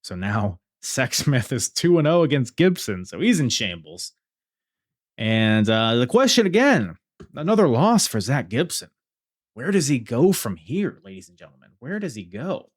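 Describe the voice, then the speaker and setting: A man's voice: mid-range voice, sing-song, moderate pace, dry recording, clean studio sound. A man hosting a podcast, reviewing wrestling shows in a casual, rambling way with many fillers. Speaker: podcast host.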